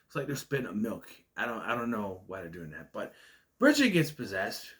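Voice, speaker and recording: A man's voice: on the low side, wildly swooping pitch, fairly quick, fairly bright tone. A man giving a casual spoken film review in a ranting, nitpicky way, with a stutter that makes him stall on words. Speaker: movie reviewer.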